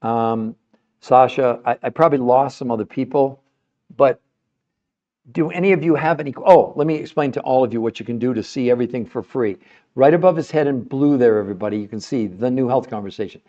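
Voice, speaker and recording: A man's voice: medium pitch, dark tone, muffled recording. A man hosting a live-streamed podcast, passionate and emotional as he talks straight to his viewers and asks them questions. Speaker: podcast host.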